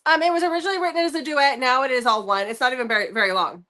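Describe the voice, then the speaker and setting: A woman co-hosting a book review show, talking in an animated, rambling way and laughing often. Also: high-pitched, racing. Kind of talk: casual chat.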